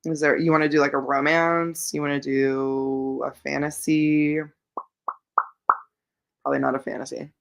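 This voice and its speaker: A woman's voice: low-pitched, flat delivery, normal speed, creaky, long pauses. A woman hosting a casual livestream, rambling and thinking aloud with lots of fillers as she answers viewers. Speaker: livestream host reading viewer comments.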